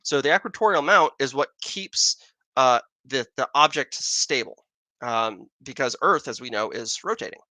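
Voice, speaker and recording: A man's voice: medium pitch, animated, moderate pace, sharp tone, dry recording. An American man hosting a casual astronomy livestream, rambling as he answers viewer questions. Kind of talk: casual live-stream chat. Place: outdoors in Arizona with a telescope.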